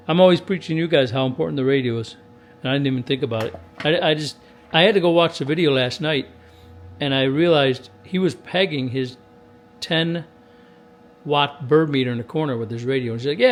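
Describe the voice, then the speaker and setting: A CB radio technician in a radio workshop tests and tunes a radio while chatting to a camera. His commentary is casual, folksy, and chatty, in a fairly high-pitched voice.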